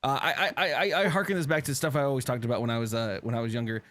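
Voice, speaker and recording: A man's voice: mid-range voice, fairly even intonation, rapid-fire, a bit bright. A man co-hosting a podcast, chatting casually, swearing and stammering on repeated words. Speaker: podcast co-host. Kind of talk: casual chat.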